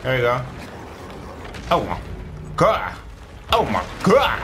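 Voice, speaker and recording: A man's voice: mid-range voice, slow pace, pauses often, slight background noise. A man giving let's play commentary, exclaiming and talking to the characters on screen. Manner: animated, exclaiming, talks to game characters. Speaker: gaming streamer.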